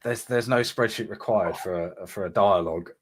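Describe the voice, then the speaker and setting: A man's voice: fairly low pitch, moderate pace, a crowd in the background. A man guesting on a casual stream, joking in a dry way. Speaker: guest co-host reading a script. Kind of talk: casual chat.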